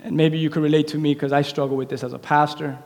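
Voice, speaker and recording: A pastor preaching a sermon in a church, swinging between quiet, intimate lines and loud, animated appeals. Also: male voice, a little high, fast, big-room sound. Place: church sanctuary.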